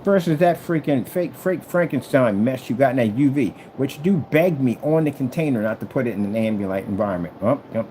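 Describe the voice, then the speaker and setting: A man taunts a rival while he shows off his own gear, and his low voice swings widely in pitch. His tone is dark and mellow, and there is a faint hum of room noise behind him. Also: a little fast, few pauses. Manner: taunting and trash-talking, repeats phrases; animated swings between loud and low. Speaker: screen maker showing his product. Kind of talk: boastful product demo vlog.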